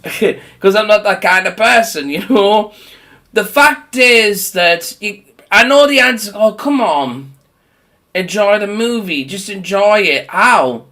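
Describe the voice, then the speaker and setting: A man's voice: high-pitched, expressive, takes it slowly, bright, forceful tone. A man ranting casually about horror movies, swearing often and laughing between his points, sometimes mocking people in put-on voices. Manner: mocks others with put-on voices. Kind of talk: profane casual rant.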